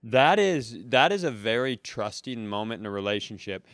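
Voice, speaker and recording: A man's voice: mid-range voice, lively intonation, moderate pace, a bit bright, no echo, studio quality. A man hosting a podcast, asking wry, jokey questions in casual chat. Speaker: podcast host.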